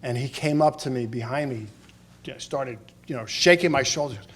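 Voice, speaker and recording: A man's voice: medium pitch, moderate pace. A middle-aged man at a podium microphone in a funeral chapel, giving a eulogy full of humorous anecdotes and chuckling through the stories.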